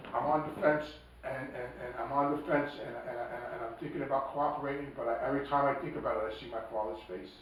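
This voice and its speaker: A man's voice: medium pitch, steady tone, fast talker, few pauses. Blunt New man, podcast guest, talks in an echoey room with the mic set back. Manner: blunt, emphatic, acts out quoted speech. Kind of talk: conversational storytelling. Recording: echoey room, distant mic, faint noise.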